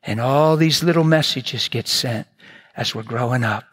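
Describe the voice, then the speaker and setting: An older man preaching a sermon, telling family stories in an animated, playful way and acting out relatives' lines. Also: mid-range voice, moderate pace. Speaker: pastor. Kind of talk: sermon storytelling.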